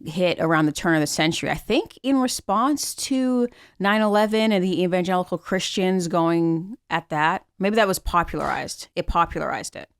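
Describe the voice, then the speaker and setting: A woman co-hosting a casual podcast conversation, playful and quick to laugh as she steers the topic. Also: lowish voice, clean tone, no echo, clean studio sound. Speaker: podcast co-host.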